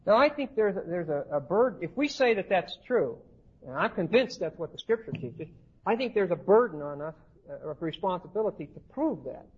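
A man's voice: high-pitched, sing-song, fairly quick, breathy edge, muffled recording. A man teaching a class on the Bible, often checking in with his listeners and restarting his phrases. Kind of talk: classroom lecture on scripture.

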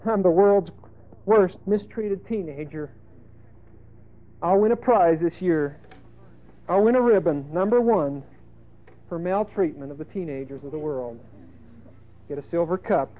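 A man voicing a young male prisoner who mopes and whines slowly in self-pity. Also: a little high, natural voice. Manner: slow, whiny, sulky self-pity. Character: self-pitying young man moping in jail. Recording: tinny phone-like lo-fi sermon tape.

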